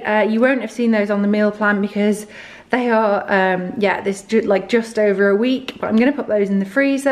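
Chatty, slightly breathless woman. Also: fairly high pitch. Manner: chatty, rambling with fillers and restarts. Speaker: vlogger. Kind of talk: casual grocery haul chat.

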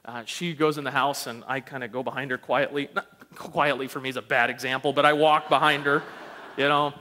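A man preaching a storytelling sermon, animated and self-deprecating, acting out the voices in his stories. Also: medium pitch, a little fast. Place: church sanctuary. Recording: long church reverb.

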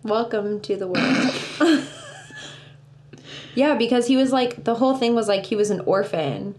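A woman's voice: fairly high pitch, animated, unhurried, darkish tone. A woman co-hosting a podcast in casual chat, teasing her partner and musing over the story. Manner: teasing, analytical. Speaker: podcast co-host.

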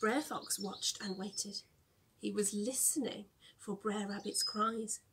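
A young woman teacher reading a storybook aloud to children, gently explaining words along the way. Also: mid-range voice, fairly even intonation, slow, slightly rough.

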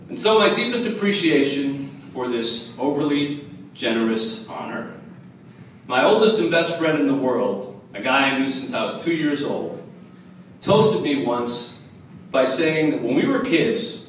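A man's voice: mid-range voice, slight background noise. Man in his fifties, acceptance speech, earnest and wryly funny, very echoey hall, distant mic. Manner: earnest with wry humor. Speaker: award recipient. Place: large hotel ballroom. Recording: echoey ballroom from far off.

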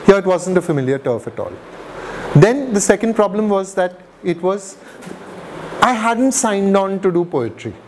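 A man's voice: high voice, lively intonation, normal speed, a little mellow, a little hiss or hum. A man giving an informal university talk on translation, chatty and wry, with self-mocking asides. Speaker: guest speaker on translation. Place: lecture event.

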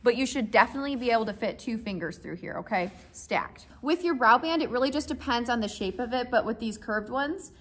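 A woman's voice: fairly high pitch, expressive, fairly quick, hardly any pauses. A woman vlogging at a horse farm, explaining step by step in a friendly, casual way and checking in with her viewers as she goes. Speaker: horse owner and rider. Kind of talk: casual instructional vlog.

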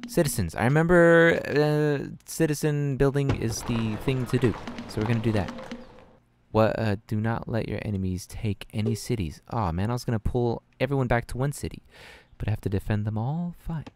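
A young man giving casual let's-play commentary on a strategy game, flustered and self-mocking, thinking out loud with many fillers. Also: mid-range voice, moderate pace, background noise. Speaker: gaming channel host.

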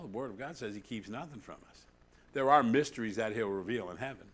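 A man preaching a sermon as pastor, animated, swinging between loud emphasis and hushed asides, often asking the congregation "See?". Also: lowish voice, fast talker, a little hiss or hum.

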